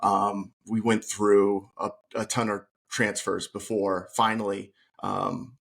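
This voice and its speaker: A man's voice: on the low side, little pitch movement, takes it slowly, vocal fry, fairly bright tone. A man who is a podcast guest, telling his own story earnestly in a conversation and acting out the things people said. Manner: earnest, retells scenes by acting out quoted speech.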